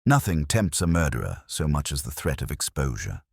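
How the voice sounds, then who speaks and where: A man voicing a shrewd, cool-headed detective who speaks with precise, commanding calm. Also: a bass voice, brisk, creaky, breathy edge, no echo, studio quality, full character voice. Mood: scheming.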